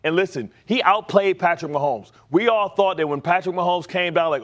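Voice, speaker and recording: Male sports analyst, emphatic, slightly high voice. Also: brisk, fairly bright tone, lo-fi sound. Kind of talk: sports commentary.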